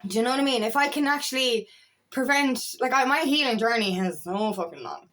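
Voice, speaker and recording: A woman with a high voice talks straight to her listeners as a coach. She is blunt and passionate, swears freely, and keeps checking in with "do you know what I mean". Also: lively intonation, brisk, fairly bright tone. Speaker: feminine empowerment coach. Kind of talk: casual monologue to camera.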